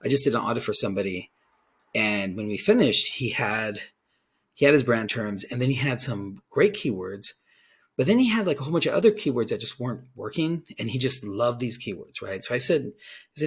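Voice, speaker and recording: A man with a husky, slightly rough voice at an ordinary middle pitch talks through an explainer in a casual, rambling way. He keeps restarting his sentences and quotes clients aloud as he goes. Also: expressive, moderate pace, a bit bright. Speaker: digital ad consultant. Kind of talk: casual talking-head explainer.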